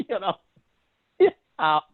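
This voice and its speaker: A co-host with a high, sing-song voice speaks slowly in casual conversation. He spins stories with plenty of energy, laughs frequently, and slips into character voices. The sound is thin and tinny.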